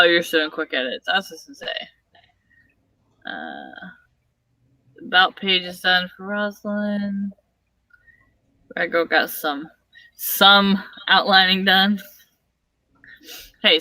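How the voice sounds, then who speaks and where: A woman hosting a casual writing livestream, relaxed and encouraging as she reads out updates. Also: fairly low pitch, slow, pauses often, dry recording, distant mic. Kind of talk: casual chat.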